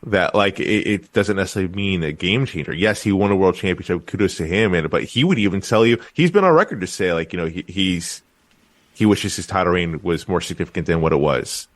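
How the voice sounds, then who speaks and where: A man co-hosting a wrestling podcast, talking in a loose, animated way with lots of fillers and restarts. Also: deep voice, brisk. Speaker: podcast co-host. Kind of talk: casual wrestling podcast chat.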